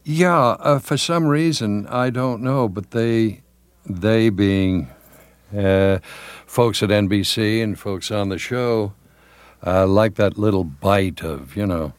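A man's voice: on the low side, slow, no room sound. An older man, a veteran television announcer, reminiscing in an interview with many fillers and restarts.

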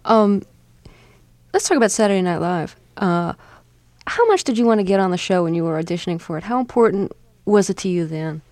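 Quick, mellow-voiced woman interviewer. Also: mid-range voice, animated, no room sound. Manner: direct, curious questions. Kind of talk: radio interview.

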